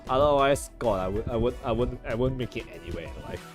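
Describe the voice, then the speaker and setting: A man's voice: mid-range voice, animated, fast, soft background music. A young man chatting casually over gameplay, joking and correcting himself with many restarts. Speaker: gaming streamer.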